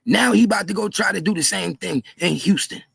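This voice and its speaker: A man doing heated livestream commentary, repeating himself in disbelief and often shouting. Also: sits high, a little fast, gravelly, breathy edge, dry recording. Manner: repetitive, incredulous, frequently shouting. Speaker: commentary streamer.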